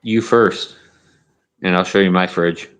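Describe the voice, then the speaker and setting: Low-voiced guy on a stream panel, teasing, crude, repeats himself. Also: steady tone, measured pace, fairly bright tone, smooth. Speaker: panel guest. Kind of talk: casual chat.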